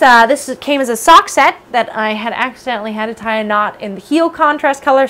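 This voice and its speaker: A woman's voice: mid-range voice, fairly bright tone, slight background noise. Chatty woman podcast host, rambling casually. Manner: chatty, rambling, self-deprecating. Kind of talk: casual chat. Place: home basement room with space heater.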